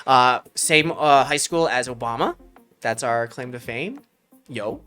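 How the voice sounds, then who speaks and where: 30s guy from hawaii doing a chill stream, esports coach, jokey and slangy, bright voice. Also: medium pitch, unhurried, clean tone, faint music behind. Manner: animated storyteller, jokey and self-mocking, slangy. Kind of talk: casual livestream chat answering viewer questions.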